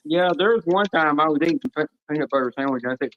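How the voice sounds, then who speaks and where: A woman's voice: low voice, rapid-fire, slight background noise. A woman in casual live-stream chat, telling folksy stories and acting out her own quotes. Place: home in the United States. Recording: dry, dull lo-fi stream audio.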